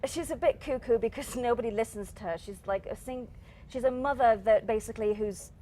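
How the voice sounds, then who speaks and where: A woman's voice: on the high side, fairly quick, dark tone. A young woman with a Northern English accent, a stage actress chatting as a guest in a TV interview, laughing often and restarting her sentences. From England. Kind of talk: casual TV interview.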